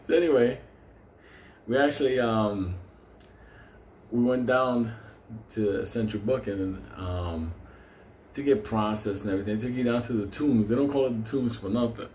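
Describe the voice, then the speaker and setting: A man's voice: fairly low pitch, normal speed, long pauses, darkish tone, a little hiss or hum. A man, hosting a livestream and telling a story in casual, profane talk, laughing often as he goes. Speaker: stock livestream host. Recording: roomy echo.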